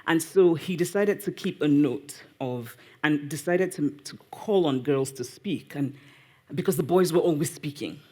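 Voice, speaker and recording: A woman from Nigeria with a Nigerian accent, answering audience questions at a live public talk in an animated, teasing way and often correcting herself mid-sentence. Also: deep voice, measured pace. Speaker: guest author. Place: live event before an audience.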